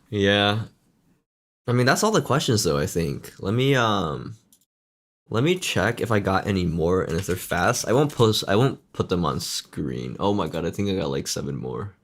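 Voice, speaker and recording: A man's voice: low-pitched, very animated, unhurried, long pauses. A man streaming a casual chat, self-mocking and laughing often between sentences.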